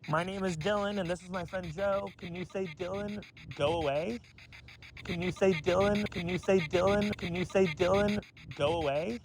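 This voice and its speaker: A young man hosting a ghost-hunting vlog, calling out to spirits in a hushed, nervous way outdoors at night by a bridge in the woods. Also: sits high, steady tone, moderate pace, crowd noise. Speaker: paranormal investigator and host.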